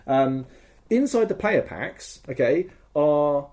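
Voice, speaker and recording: Man, young adult, podcast guest, casual rambling chat, excited, salty language, warm mellow tone. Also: a little high, slow pace. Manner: rambling, enthusiastic, swears freely.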